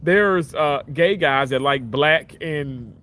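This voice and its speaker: Outdoors by the water, a male livestream host holds his phone out at arm's length and chats loosely, reading viewer comments as he goes. His rambling is full of restarts and sudden excited leaps in pitch. He speaks slowly, with slight background noise.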